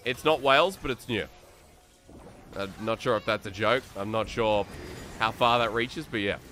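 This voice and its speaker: An Australian man solo-casting an esports match, excitable and chatty, thinking aloud and reading viewer comments between plays. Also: medium pitch. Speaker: esports caster. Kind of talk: solo play-by-play commentary and chat. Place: New South Wales.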